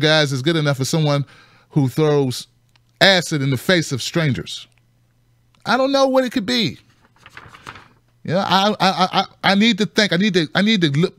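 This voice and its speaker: A fairly high-voiced man riffs on the news as a show host, swinging from sarcastic squeaks to low mutters. His voice sits close and dry, with no room sound around it. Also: fairly bright tone, no room sound. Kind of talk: casual commentary on news.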